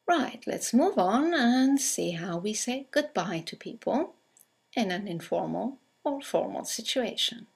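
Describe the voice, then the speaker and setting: A woman narrating a scripted English conversation lesson, reading example greetings aloud with slow, clear delivery. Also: fairly high pitch, very animated. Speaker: English teacher.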